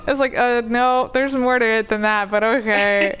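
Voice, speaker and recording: A woman's voice: on the high side, steady tone, moderate pace, fairly bright tone, clear, resonant tone, poor audio. A woman streaming a video game, chatting casually and rambling with many "like"s and easy laughs. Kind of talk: casual chat while playing.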